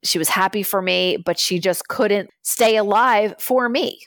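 A woman in her thirties is an interview guest, talking candidly in an earnest, conversational manner and performing the voices of people she quotes. Her voice sits mid-range, a bit bright, at a measured pace. The recording is dry with clean studio sound.

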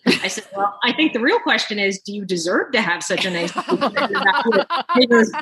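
A woman telling a story as a guest in casual chat, animated and laughing often. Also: mid-range voice, a little fast, poor audio. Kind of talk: casual anecdote.

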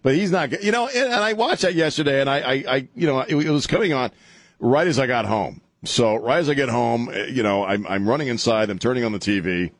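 A man's voice: mid-range voice, a little fast, no room sound. A middle-aged man hosting a talk radio show, rambling and joking in casual banter from a studio mic. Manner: rambling, jokey, animated, lots of laughs and filler. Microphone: studio microphone.

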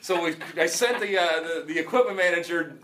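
A former soccer player telling a story in casual chat, halting with fillers and restarts. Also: male voice, on the high side, a bit bright, slight background noise. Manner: rambling, halting anecdotes with many fillers and restarts.

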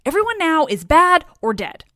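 A woman's voice: very high-pitched, very animated, moderate pace, sharp tone, no room sound, voice pushed up, full character voice. A woman voicing a pompous, frumpy middle-aged male god in a storytelling retelling, with a dry close sound. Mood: earnest.

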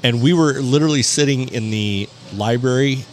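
A man co-hosting a podcast, telling stories in casual chat with a rambling, halting delivery. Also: mid-range voice, slight background noise. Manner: rambling, halting, many restarts. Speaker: podcast co-host.

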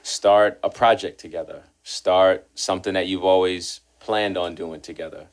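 A man in a casual group chat calmly offering advice and wrapping things up. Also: low-pitched, moderate pace.

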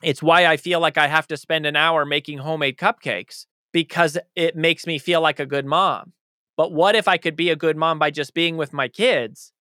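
A man's voice: a little high, fairly even intonation, normal speed, pushed and bright, clear, resonant tone, dry recording, clean studio sound. A man speaking as an author being interviewed, talking in a passionate, emphatic way. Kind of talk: conversational interview answers.

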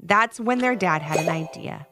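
A woman narrating a children's story podcast in an expressive read-aloud manner. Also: lowish voice, normal speed, music in the background.

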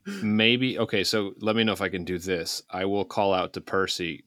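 A man playing a tabletop game, thinking aloud in a deliberate way. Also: low voice, fairly even intonation, fairly bright tone, dry recording, studio quality. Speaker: player. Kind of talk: casual tabletop play.

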